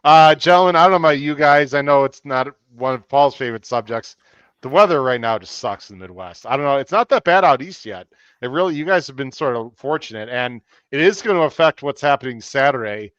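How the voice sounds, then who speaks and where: A man's voice: mid-range voice, lively intonation, brisk, a bit bright, clean tone, dry recording, dull audio. A man hosting a live-streamed podcast, chatty and upbeat, reading out viewer comments between topics. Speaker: podcast host.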